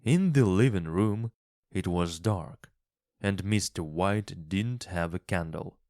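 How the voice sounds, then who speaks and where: A man slowly reading a graded English story aloud, clearly enunciating each phrase. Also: sits low, a little mellow, no echo, clean studio sound. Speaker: narrator of a graded English reader. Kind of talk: slow, expressive storybook reading.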